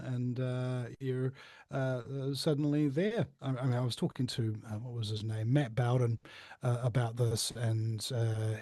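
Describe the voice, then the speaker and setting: A man's voice: medium pitch, a little mellow, dry recording. Rambling New Zealand man on a dry mic. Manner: rambling, many fillers and restarts. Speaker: podcast host. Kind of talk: casual interview chat.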